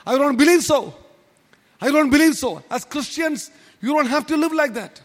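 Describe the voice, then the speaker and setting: A man's voice: very high voice, animated, moderate pace, long reverb tail. A man preaching a sermon as pastor, emphatic and repetitive, with many rhetorical questions. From India.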